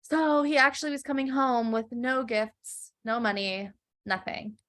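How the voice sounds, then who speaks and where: A woman podcast co-host retelling a fairytale in casual chat. She is animated and chatty, laughing easily. Her voice is somewhat high. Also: unhurried.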